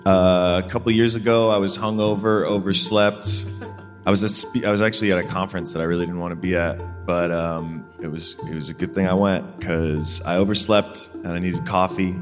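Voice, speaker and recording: A man's voice: deep voice, normal speed, over music. A man from Brooklyn, a guest telling a story in a casual, joking way. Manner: joking, animated.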